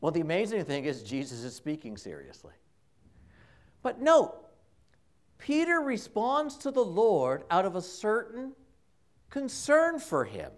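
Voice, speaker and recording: Priest giving a homily, male, slightly high voice, lively intonation, slow measured delivery, storyteller's knack for repetition. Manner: conversational, dramatic storytelling with emphatic repetition. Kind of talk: sermon. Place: church. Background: congregation.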